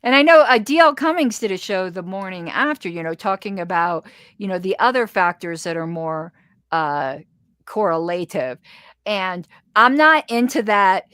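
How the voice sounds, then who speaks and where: A woman with a slight lisp, a guest in a casual interview, talking in an animated way with stumbling restarts. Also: mid-range voice, moderate pace, smooth, no echo, clean studio sound.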